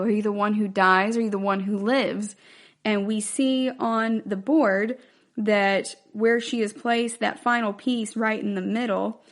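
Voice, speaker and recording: A woman podcast host talks through an episode recap in a relaxed, rambling way, leaning on filler words as she goes. Her mid-pitched voice carries a gravelly rasp at the bottom. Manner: chatty, loose, lots of fillers.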